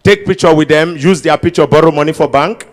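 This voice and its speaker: A man with a Nigerian accent doing stand-up comedy at a ceremony, bantering with the crowd and slipping into pidgin with sudden loud outbursts. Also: on the high side, a little fast. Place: large ceremony before an audience.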